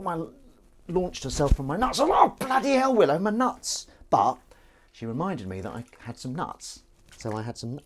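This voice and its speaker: Rambling Southern English man, lively pitch. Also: slight background noise. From England. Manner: rambling, self-mocking banter with chat. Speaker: live-stream host. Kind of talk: casual live-stream chat while washing up.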